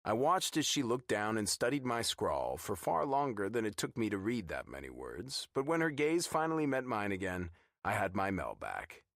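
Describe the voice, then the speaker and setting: A man's voice: lowish voice, wildly swooping pitch, moderate pace, a bit bright, no room sound, studio quality. A man narrating a romance audiobook in first person, with a wry, teasing manner.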